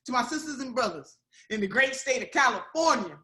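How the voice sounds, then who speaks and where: A woman's voice: a little high, expressive, a little fast, bright, forceful tone, roomy sound. A woman giving a rousing political speech on a video call, in a preacherly, emphatic manner, repeating phrases for effect. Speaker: guest speaker.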